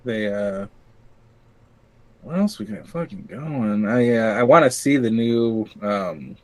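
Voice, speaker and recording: Speaking slowly in an expressive, slightly mellow mid-range voice, this man co-hosts a podcast. He rambles through casual chat, leaning on fillers, making crude jokes and laughing a lot.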